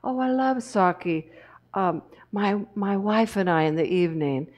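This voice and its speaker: A woman voicing a small, kind elderly man who speaks softly and coaxingly in a sermon story. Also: mid-range voice, a little slow, close to an everyday voice. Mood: gentle. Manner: soft-spoken, coaxing.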